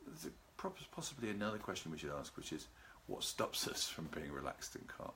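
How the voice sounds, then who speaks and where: A man hosting a live video talk on relaxation, speaking calmly and unhurriedly and greeting viewers by name. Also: low-pitched, a little fast, a little hiss or hum. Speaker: seminar host. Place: at home with a garden behind.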